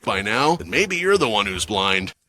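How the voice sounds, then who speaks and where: A man's voice: on the low side, very animated, normal speed, sharp tone, a little hiss or hum. A man voicing a loyal young male student defending his friend. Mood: defiant. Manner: firm, tight.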